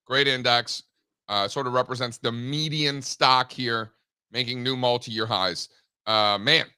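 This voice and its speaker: A man's voice: medium pitch, a little slow, clean tone. A man co-hosting a show about the markets, teasing his partner and telling stories in casual chat. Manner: teasing, animated storyteller. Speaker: co-host.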